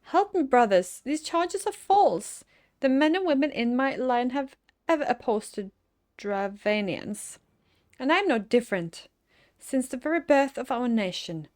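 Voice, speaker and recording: A woman's voice: a little high, lively intonation, normal speed, darkish tone, natural voice. A woman voicing a proud, defiant young nobleman on trial in a fantasy game, earnest and pleading.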